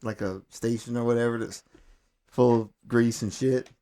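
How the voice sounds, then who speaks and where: Man, podcast co-host, casual storytelling, animated, stumbles over words. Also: mid-range voice, moderate pace.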